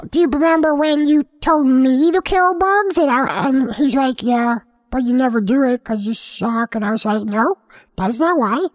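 A high-voiced, easily distracted house cat, played by a woman, talks through a comic monologue. She meanders, stops herself mid-thought and carries on with playful earnestness. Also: moderate pace, lightly acted. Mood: rambling.

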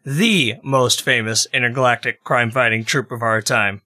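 A man's voice: fairly high pitch, brisk, bright, forceful tone. A man voicing a genial, formal alien prime minister in an amateur audio drama, talking effusively and like a fond uncle.

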